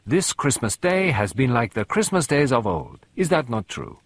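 A man voicing a fussy, polite elderly male detective who speaks precisely and formally, in a husky voice. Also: mid-range voice, big pitch swings, normal speed, dry recording, pitched above the performer's own voice. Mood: courteous.

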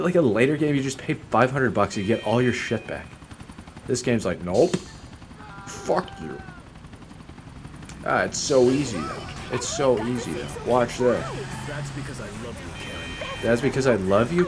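A man's voice: medium pitch, a little hiss or hum. A man giving casual gameplay commentary, sarcastic and mock-polite, swearing often as he plays. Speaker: gaming YouTuber.

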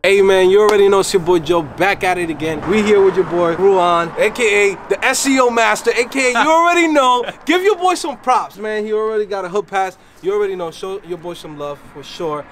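A man's voice: high voice, brisk, few pauses, a bit bright. A man from the Dominican Republic, hosting a casual vlog outdoors and talking in a slangy, hyped way. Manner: slangy and hyped, lots of "man" and "you already know". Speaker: vlog host. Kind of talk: casual street vlog chat. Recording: outdoor street noise behind the voice.

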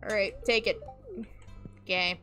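A woman's voice: mid-range voice, steady tone, a little slow, sharp tone, soft background music. A young adult woman streaming a farming game, chatting casually to viewers and humming little sounds to herself as she plays.

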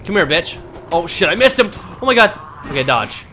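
Excitable young man swearing through a game. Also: sits high, brisk, a little hiss or hum. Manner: excitable, swearing, trash-talking, panicky yelps. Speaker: gaming commentator. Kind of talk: let's play commentary.

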